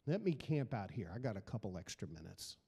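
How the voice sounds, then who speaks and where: A man's voice: on the low side, sing-song, a little fast, gravelly, dark tone, husky, big-room sound. A middle-aged man preaching a sermon as pastor, building emphasis through repeated phrases. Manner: preaching with rising emphasis and repetition.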